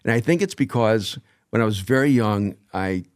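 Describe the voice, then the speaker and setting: A man in his sixties, a podcast guest speaking in a thoughtful, measured, reflective way. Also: lowish voice, clear, resonant tone. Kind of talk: reflective conversation.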